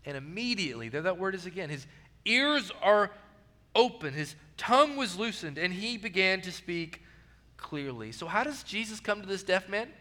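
A male pastor preaching with a high, bright voice. He is earnest, repeats his key phrases and sinks soft and low on quoted lines. The sound rings in a reverberant church hall. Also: lively intonation, moderate pace. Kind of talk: sermon.

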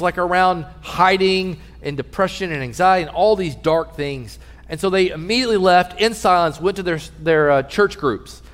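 A man preaching a sermon as pastor, telling stories earnestly and dropping soft and low in tender moments. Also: smooth. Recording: long reverb of a large hall.

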